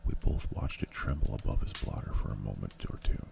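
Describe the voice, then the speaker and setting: Very deep gravelly ASMR reader. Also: male voice, a little fast, recorded from a distance, very noisy. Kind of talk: ASMR audiobook reading. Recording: steady keyboard clicks behind.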